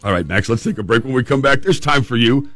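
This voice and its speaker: Animated male radio host telling a story. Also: medium pitch, fast talker, no room sound. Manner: lively, playful storyteller who acts out moments. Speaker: radio talk show host.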